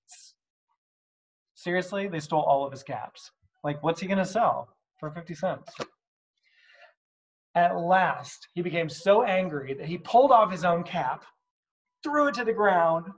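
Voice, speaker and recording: A man's voice: high voice, poor audio. A man reading a picture book aloud at story time, adding chatty asides and asking the kids questions, at home. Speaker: reader at children's story time.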